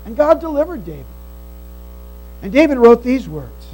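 A man's voice: high-pitched, animated, normal speed, pauses often, darkish tone, poor audio. A man preaching a sermon as pastor, earnest and emphatic, repeating key phrases. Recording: mains hum behind the voice.

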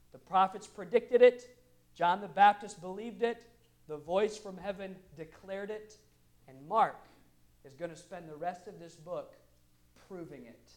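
Male pastor, high-pitched voice, animated sermon delivery with soft asides and big emphatic peaks. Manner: animated, swinging from quiet asides to loud emphatic bursts.

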